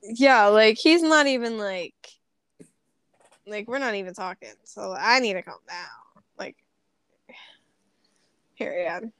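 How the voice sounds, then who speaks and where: A woman's voice: medium pitch, slow pace, long pauses, a bit bright, clear, resonant tone, no room sound. A young woman co-hosting a casual chat, rambling with lots of fillers and giggles. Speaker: co-host.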